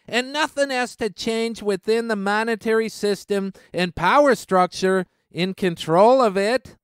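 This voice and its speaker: A man's voice: high-pitched, a little slow, few pauses, smooth, no room sound, studio quality. A man hosting a radio talk show, delivering ranting political commentary in a heated, sarcastic, mocking manner.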